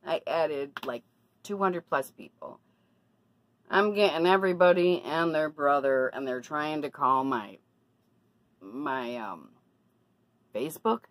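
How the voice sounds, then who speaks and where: In a dry, low-quality recording, a woman with a low voice speaks slowly with long pauses. She's a vlogger chatting casually to her camera in a personal vlog, first confiding and then growing indignant about bad deals.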